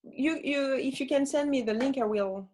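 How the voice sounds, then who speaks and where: A woman with a French accent, a non-native English speaker, chatting as a guest musician over a video call. She talks haltingly, restarts often and searches for her words. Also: sits high, darkish tone. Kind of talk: casual interview chat.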